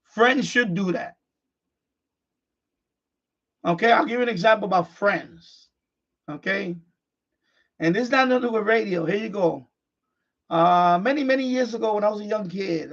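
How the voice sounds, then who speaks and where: A frustrated middle-aged man, talking bluntly and unscripted on a live stream, circling back over the same phrases. His voice sits high and has a gravelly rasp. The stream audio is dull and lo-fi. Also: expressive, fairly quick, a bit bright. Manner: blunt, repeats phrases, restarts often.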